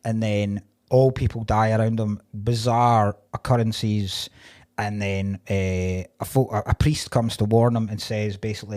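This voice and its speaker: A man's voice: lowish voice, fairly even intonation, a little slow, darkish tone. A man co-hosting a comedy podcast, casually retelling a film plot with plenty of swearing. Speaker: podcast co-host.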